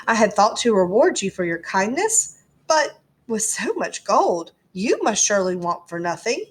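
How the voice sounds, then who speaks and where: A woman's voice: mid-range voice, big pitch swings, husky. A woman voicing a mysterious male stranger who grants wishes and warns, in a storybook read to a class. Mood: cautioning. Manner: cautioning, measured.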